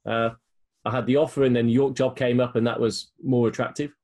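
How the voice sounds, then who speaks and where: A man interviewing a guest in a casual chat, asking quick questions and teasing him. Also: mid-range voice, level tone, darkish tone. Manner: teasing, joking. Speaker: interviewer, academic.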